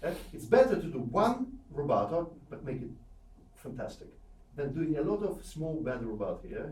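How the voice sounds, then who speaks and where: A man coaching a piano student in a masterclass, animated and repeating short instructions, slipping into German. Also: on the high side, moderate pace, a little hiss or hum. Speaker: piano teacher. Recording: roomy hall from a distance with piano.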